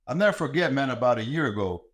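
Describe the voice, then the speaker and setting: A man's voice: mid-range voice, animated, fast. A middle-aged man hosting a podcast, talking in a blunt, heated and profane monologue about raising kids. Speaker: podcast host and martial arts coach. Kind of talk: ranting monologue.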